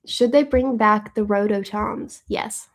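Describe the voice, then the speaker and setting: A woman hosting a live stream, chatting casually and thinking out loud as she answers viewer questions. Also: medium pitch, slow pace. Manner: chatty and upbeat, thinking aloud.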